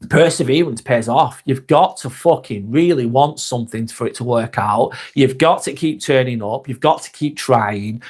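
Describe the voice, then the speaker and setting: Medium-pitched and a bit breathy, this man from North West England hosts a casual live vlog in a Lancashire accent. He reads the chat bluntly, swears freely and calls people mate.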